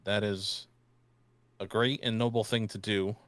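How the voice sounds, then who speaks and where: A man's voice: on the low side, steady tone, a little slow, fairly bright tone, no room sound. A man role-playing his character in a tabletop game, joking and crude, talking with a put-on New York accent. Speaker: player.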